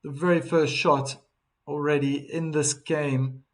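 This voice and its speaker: A male streamer gives running tennis commentary, quiet and steady between points but more lively on big shots. He reads chat messages aloud, speaking slowly in a fairly high register.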